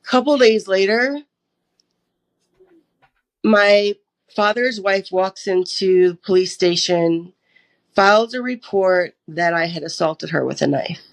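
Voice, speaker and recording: Woman, young adult, unhurried pace, storytelling interview guest, replays her own past words. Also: medium pitch. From United States. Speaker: podcast guest. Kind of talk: personal testimony in an interview.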